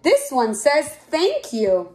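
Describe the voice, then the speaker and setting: A woman reading as a gentle mother bear. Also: sits high, huge pitch swings, takes it slowly, heavily acted. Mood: teaching. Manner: kindly, instructive.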